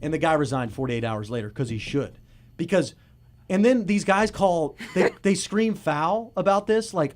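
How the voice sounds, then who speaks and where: A young man in his early twenties hosts a relaxed podcast chat. He tells stories with animated energy and frequent laughter, his voice sitting a little on the high side. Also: normal speed. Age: early 20s. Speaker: podcast host.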